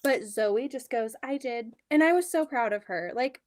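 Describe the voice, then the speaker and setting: On a home quilting livestream from her sewing room, a woman in her thirties chats casually, rambling about her kids and reading viewer comments aloud. Her voice is on the high side with lively intonation, a moderate pace and a darkish tone, with no room sound.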